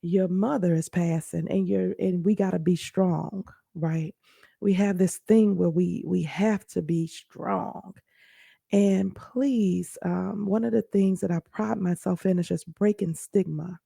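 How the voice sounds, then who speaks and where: A woman's voice: lowish voice, steady tone, measured pace, gravelly, mellow, breathy edge, dry recording. Woman host, earnest teaching talk, dry close sound. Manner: earnest, conversational, speaks directly to listeners. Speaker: podcast host. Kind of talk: personal storytelling and teaching.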